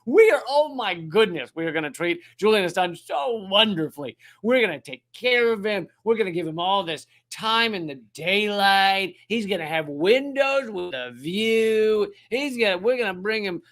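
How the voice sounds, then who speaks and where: A man's voice: high-pitched, lively intonation, moderate pace, hardly any pauses, fairly bright tone. A man voicing a smug male government official who makes sugary promises, in a put-on British accent. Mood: mock-reassuring. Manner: mocking, syrupy, over-reassuring.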